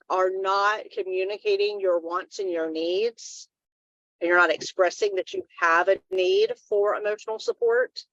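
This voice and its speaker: A woman's voice: mid-range voice, no echo, highs cut off. A woman co-hosting a live wellness talk stream, giving earnest advice in a casual, rambling way.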